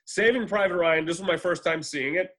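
A man in casual conversation about films, rambling and swearing freely, slipping into quick voices to retell scenes. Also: on the high side, fairly bright tone. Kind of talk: casual movie chat.

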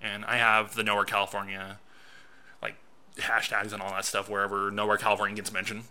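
A man co-hosting a casual podcast. He tells his story with animation and acts out his own reactions. His voice sits low, and his tone is very bright. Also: flat delivery, fairly quick, clear, resonant tone. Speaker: podcast co-host and film critic.

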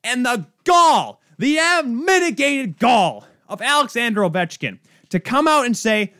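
A man's voice: extremely high pitch, very animated, measured pace, hardly any pauses, bright, forceful tone, dry recording, studio quality. A man hosting a sports podcast, ranting in an exasperated, sarcastic way. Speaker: podcast host. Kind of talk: heated sports rant.

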